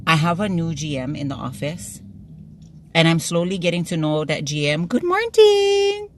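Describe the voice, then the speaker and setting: A woman's voice: sits low, fairly even intonation, moderate pace, a bit bright, a little hiss or hum. Chatty woman with a lilt. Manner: chatty, laughs often, playful storytelling. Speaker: vlogger. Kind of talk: casual chat to camera.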